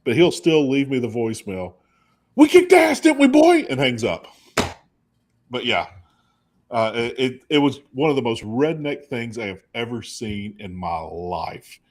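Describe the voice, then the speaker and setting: A man, co-hosting and telling a rambling, animated story in casual chat. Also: measured pace. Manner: rambling, animated storyteller with high put-on quoted voices. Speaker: co-host.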